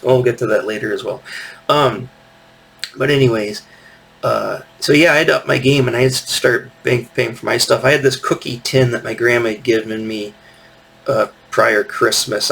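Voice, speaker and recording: A man's voice: medium pitch, gravelly, fairly bright tone. A man in his fifties telling a rambling, casual story as host of his own show, often correcting himself. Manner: rambling, self-correcting, acts out quotes. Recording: voice distant from the mic.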